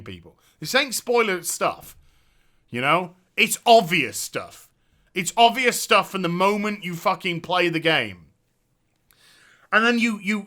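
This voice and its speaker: High, animated, profanity-laced rant. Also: male voice. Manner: exasperated, sarcastic and profane. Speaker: video game reviewer. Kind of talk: ranting game review.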